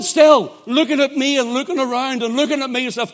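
A man's voice: very high voice, steady tone, fairly quick, few pauses. Fervent Northern Irish preacher man. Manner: fervent, swinging from hushed storytelling to loud shouting. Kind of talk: sermon.

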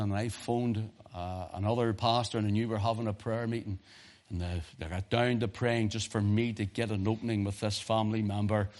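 A man preaching a sermon, telling a personal story in a hushed voice and then rising to loud preaching. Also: lowish voice, fairly even intonation, normal speed.

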